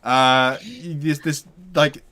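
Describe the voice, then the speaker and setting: A man's voice: on the high side, animated, very slow, sharp tone. A man running a tabletop game as game master, narrating in a loose, rambling way full of fillers.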